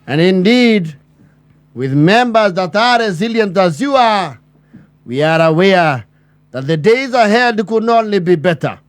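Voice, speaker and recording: A man's voice: sits high, lively intonation, no room sound. Pompous man giving a mock address. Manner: pompous, bureaucratic phrasing, drawn-out pauses. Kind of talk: mock formal speech.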